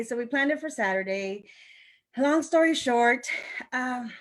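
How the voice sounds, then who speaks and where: An older woman talks to her viewers in a loose, chatty way, laughing often as she tells how things got started. Her voice sits a little high, and she slips into other people's voices when she quotes them. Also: moderate pace. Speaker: sales representative hosting a live video. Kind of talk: casual storytelling to viewers.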